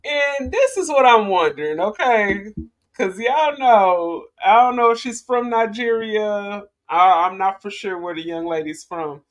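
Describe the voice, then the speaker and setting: A woman's voice: mid-range voice, lively intonation, a little slow. A woman hosting a casual commentary vlog, talking in a chatty, rambling way to her viewers. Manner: chatty, rambling, with frequent restarts and laughs. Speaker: vlogger host.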